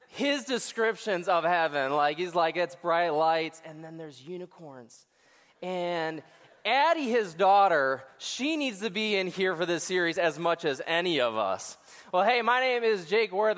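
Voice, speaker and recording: A man's voice: high voice, expressive, measured pace, a bit bright, in a large hall. A male associate pastor giving a joking, crowd-engaging sermon to a large church audience. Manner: joking, talks back to the crowd. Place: church auditorium before hundreds of people.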